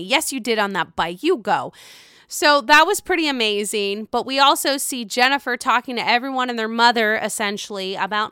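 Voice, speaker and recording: A woman recapping reality TV in a casual, gossipy way, swearing freely and jumping into high squeals. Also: normal speed, clean tone, no room sound, studio quality. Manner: gossipy, profane, animated with sudden high squeals.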